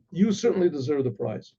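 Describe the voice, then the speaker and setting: A man's voice: fairly high pitch, dark tone, slightly rough, dull audio, exaggerated voice. A grand, stately king, as a man tells it. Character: grand, easily stirred male king.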